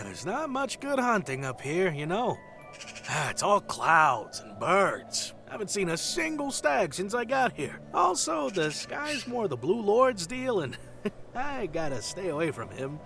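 A man's voice: high-pitched, wildly swooping pitch, measured pace, creaky, bright, forceful tone, soft background music, pitched above the performer's own voice, exaggerated voice. A man voicing a boastful old male forest god with a hearty, folksy manner. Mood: jovial. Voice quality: hearty, folksy, self-satisfied.

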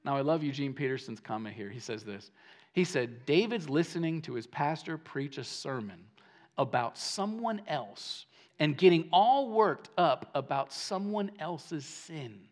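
A man preaching a sermon as pastor, animated and emphatic, often repeating words as he starts a phrase. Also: a little high, measured pace. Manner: animated preaching, swings between hushed and emphatic.

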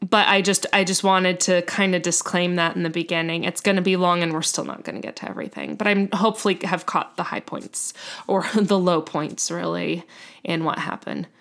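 A woman's voice: on the low side, fairly quick, vocal fry, fairly bright tone. Woman, podcast co-host, casual storytelling, filler words, self-correcting. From United States.

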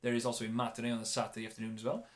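A man hosting a casual podcast chat, telling stories in a chatty, animated way. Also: medium pitch, very fast. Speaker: podcast host.

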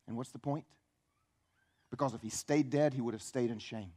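A man preaching a church sermon, swinging between quiet, intimate asides and loud, emphatic peaks. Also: mid-range voice, normal speed, slightly rough. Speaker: pastor. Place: church sanctuary.

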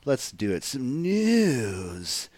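A man's voice: mid-range voice, extremely slow, dry recording. A man co-hosting a wrestling podcast, talking in a casual, rambling way with lots of fillers. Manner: animated, rambling, many fillers. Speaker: podcast co-host.

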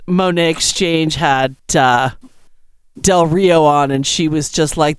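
A man co-hosting a podcast in casual chat, emphatic and animated. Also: on the high side, takes it slowly, clear, resonant tone, dry recording, clean studio sound. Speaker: podcast co-host.

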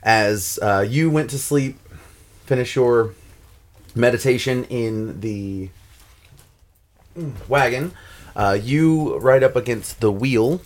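A man's voice: mid-range voice, slow, long pauses. A man running a tabletop game as game master, narrating with frequent ums and uhs. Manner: hesitant, lots of ums and uhs while narrating.

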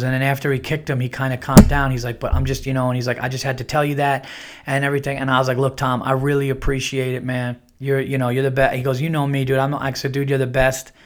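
A man hosts a podcast and tells a long, rambling story in a casual way. He keeps looping back and restarting his sentences, and he acts out the neighbor's quoted lines in a livelier voice. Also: medium pitch. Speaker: podcast host.

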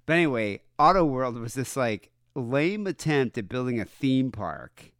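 A man's voice: medium pitch, a little slow, dry recording. A man from Michigan co-hosting a podcast, telling stories in casual chat with lots of fillers. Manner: rambling, animated storytelling with many fillers. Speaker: podcast co-host.

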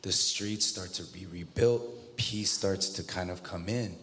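A man's voice: low-pitched, measured pace, fairly bright tone. A man from Southern California giving a casual personal testimony as an interview guest, acting out the voices of the people in his story and laughing often. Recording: long reverb, faint noise.

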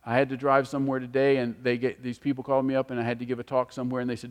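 A man preaching a sermon, animated and storytelling, moving from emphatic to hushed. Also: mid-range voice, rapid-fire, hardly any pauses. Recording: long hall reverb.

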